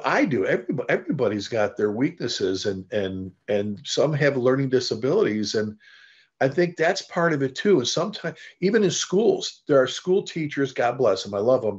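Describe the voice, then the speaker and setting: A middle-aged man tells stories as a guest in an interview, acting out the people he quotes and often starting his sentences over. He sits at an average pitch for a man. The recording is dull and lo-fi. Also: moderate pace, slightly rough. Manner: animated storyteller, acts out quoted dialogue, frequent restarts. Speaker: fire service leader and author, interview guest. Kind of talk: conversational storytelling.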